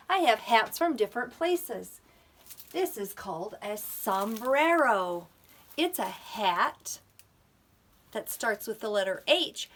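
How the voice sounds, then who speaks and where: An older woman teaching a children's lesson, sounding out letters slowly and animatedly for small children. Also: medium pitch, sing-song. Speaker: preschool teacher.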